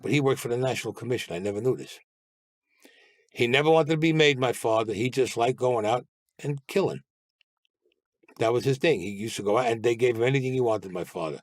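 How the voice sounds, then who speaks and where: A blunt man recounts his stories in an interview, with plenty of swearing and acted-out dialogue. His voice sits at an average pitch. The recording is dry and close. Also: a little fast, pauses often, no echo. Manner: blunt, profane, acts out quoted dialogue. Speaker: guest recounting past crimes. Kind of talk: storytelling interview.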